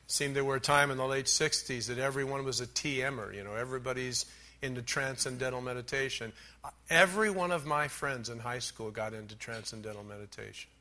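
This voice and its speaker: Forceful, bright-voiced preaching man. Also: medium pitch. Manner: emphatic preaching, lists points, slows on key words; dry joking asides. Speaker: pastor. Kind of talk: sermon.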